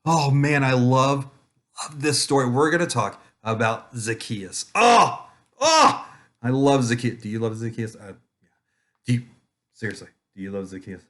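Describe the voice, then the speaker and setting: Man doing Julius, a gentle kids' puppet. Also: medium pitch, sing-song. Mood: eager. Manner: gentle, slow, focused, talks straight to kids. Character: calm, friendly male children's puppet.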